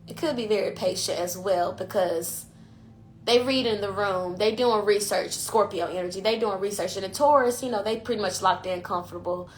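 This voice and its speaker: A woman's voice: mid-range voice, normal speed, a little hiss or hum. A woman podcast host and intuitive coach talking in a casual, emphatic monologue, often tagging "you know" onto her points. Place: IG Live recording.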